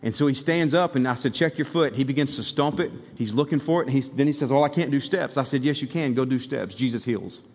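A male pastor preaching a sermon, telling a story and building to excited exhortation. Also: medium pitch, quick pace, hardly any pauses, long reverb tail.

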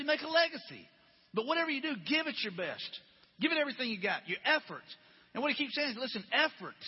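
A man's voice: very high-pitched, slightly rough. A man preaching a conversational sermon, asking his listeners one question after another. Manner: conversational, repetitive rhetorical questions. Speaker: pastor. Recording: dull lo-fi recording with long hall reverb.

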